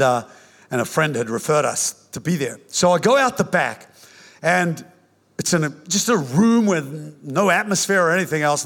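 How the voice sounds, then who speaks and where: An older man preaching a sermon, telling his own conversion story in an animated, joking way with many restarts. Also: sits high. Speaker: pastor. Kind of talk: sermon with personal testimony. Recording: reverberant hall.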